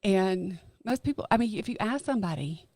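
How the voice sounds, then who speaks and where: A middle-aged woman talking as a podcast guest, earnest and emphatic, slowing down to stress her key points. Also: mid-range voice, lively intonation, a little mellow, no room sound. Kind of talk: casual chat.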